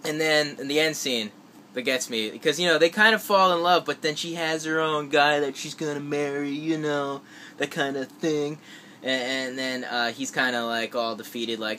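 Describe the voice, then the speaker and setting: Chatting through his movie list for a casual vlog, a man rambles, restarts and fills gaps with filler words, occasionally acting out quotes. His fairly high voice has a sharp tone at normal speed, over slight background noise.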